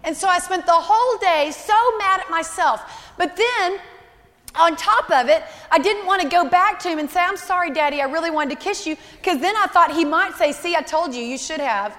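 A woman voicing her eight-year-old daughter, earnest and tearful, rushing through her confession. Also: very high-pitched, fairly bright tone, big-room sound, voice pushed up. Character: upset, honest eight-year-old girl.

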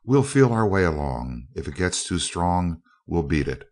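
A man's voice: low voice, big pitch swings, a little slow, a little mellow, full character voice. A brash, breezy young adventurer, as a man reads him. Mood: eager. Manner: breezy, slangy, confident.

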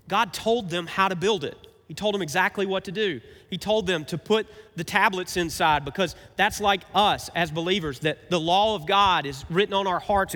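Guy pastor preaching, kinda high bright voice, lots of questions to the crowd, big echoey church hall. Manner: conversational preaching with rhetorical questions. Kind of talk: sermon.

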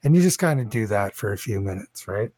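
A man's voice: lowish voice, lively intonation, a little fast, a little mellow, breathy edge, no echo. Rambling game master, man, dry sound. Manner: rambling, casual, many fillers. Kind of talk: narrating a tabletop game.

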